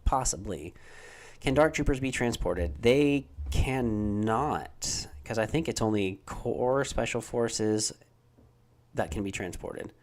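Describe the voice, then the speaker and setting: A young man with a fairly low voice hosts a live chat stream, answering viewer questions about a tabletop game. He talks in a loose, rambling way, full of "um" and "you know" and restarted phrases. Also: unhurried. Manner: relaxed, rambling, many fillers and restarts.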